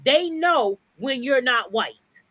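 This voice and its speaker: A woman's voice: sits high, animated, slow pace, a bit bright, no echo, rough recording. A woman co-hosting a podcast, ranting in a blunt, profane, confrontational way. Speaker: podcast co-host. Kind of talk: heated podcast rant.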